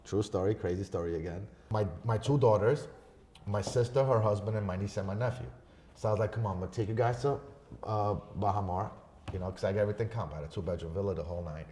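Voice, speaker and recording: A man on a podcast telling a story in a casual, profane way, swinging between loud bursts and hushed asides. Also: on the low side, fast talker, slight background noise. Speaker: podcast guest.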